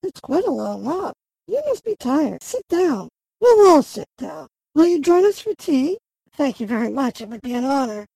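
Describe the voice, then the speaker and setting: An actress in an audio drama playing a kindly, motherly woman who welcomes weary guests, speaking gently and soothingly. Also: high voice, very animated, moderate pace, vocal fry, no echo, full character voice, poor audio.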